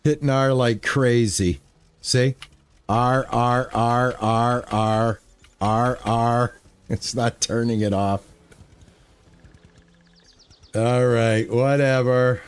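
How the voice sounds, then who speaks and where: A man's voice: mid-range voice, fairly even intonation, takes it slowly, clear, resonant tone. A man chatting casually to his live chat while playing a farming game, rambling and easygoing. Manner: laid-back, rambling, talks to chat. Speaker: streamer.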